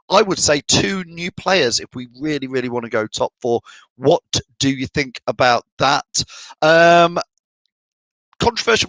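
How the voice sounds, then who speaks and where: A man's voice: a little high, a bit bright, no room sound, rough recording. A middle-aged man from the of England hosting a fan live stream, chatting and reading out viewer comments. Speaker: fan channel host.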